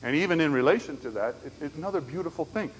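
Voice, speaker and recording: A man's voice: a little high, animated, rapid-fire, husky. A man giving a conversational church conference lecture on disability ministry, telling stories and checking in with the audience. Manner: conversational, storytelling with frequent "right?" asides. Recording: echoey hall, faint background noise.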